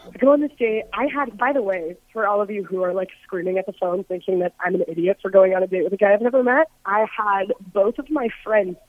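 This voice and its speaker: A woman's voice: medium pitch, quick pace, dry recording. A young woman calling in to a radio show from abroad, chatting casually and saying "like" constantly. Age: young adult. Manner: bubbly, says "like" a lot. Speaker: caller. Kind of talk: casual phone call. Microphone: phone. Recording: dull phone line.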